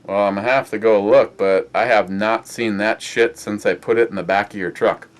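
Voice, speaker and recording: A man's voice: fairly low pitch, fairly even intonation, normal speed. A man hosting a casual beer review chat, rambling and swearing, full of uh fillers. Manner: rambling, profane, many uh fillers. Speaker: beer review podcast host.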